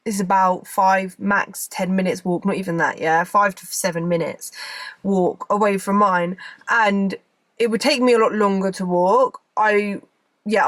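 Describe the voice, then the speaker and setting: A woman's voice: mid-range voice, no room sound. A woman in her thirties from England, chatting casually to camera from inside her car, rambling with lots of fillers. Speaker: vlogger.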